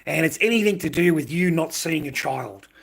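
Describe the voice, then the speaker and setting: A man's voice: on the high side, expressive, moderate pace, gravelly, slightly rough. An Australian man with an Australian accent, ranting aggressively and profanely at his live-stream chat.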